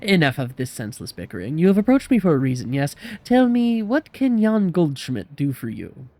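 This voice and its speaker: Huge jovial merchant, booming and teasing, raised loud voice, as a man puts him on. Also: very animated, normal speed, dry recording. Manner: hearty, teasing, grandly polite. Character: enormous jolly male merchant, booming and mirthful.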